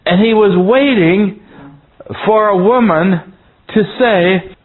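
A man's voice: sits high, slow. A man teaching a Bible class, telling a rambling story with frequent chuckles and restarts. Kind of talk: folksy storytelling sermon. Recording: tinny phone-like sound.

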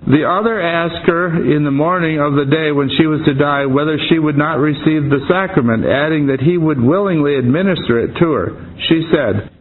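Casting note: man, slightly high voice, earnest reader of an old account, tinny phone-line sound. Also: moderate pace, hardly any pauses. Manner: earnest reading, breaking into casual asides. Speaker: reader and commentator. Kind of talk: reading a historical account aloud with asides. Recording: tinny phone-like audio with faint noise.

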